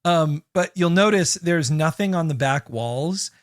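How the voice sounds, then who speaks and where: A man chats casually on a podcast with a slightly higher voice than most. He talks in a loose, rambling way and breaks into short goofy impressions. The sound is dry and close to the mic. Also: animated, a little slow, no echo. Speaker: podcast co-host. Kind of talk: casual movie-review chat.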